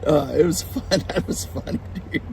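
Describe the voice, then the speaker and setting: A man's voice: on the high side, moderate pace, gravelly, background noise. A man hosting a casual livestream chat, rambling, restarting his sentences and laughing often. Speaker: livestream host.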